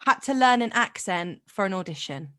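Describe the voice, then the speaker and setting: A woman's voice: mid-range voice, expressive, normal speed, pushed and bright. A young woman in her twenties hosting a casual podcast interview, chatty and self-mocking, laughing often. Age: 20s. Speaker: podcast host.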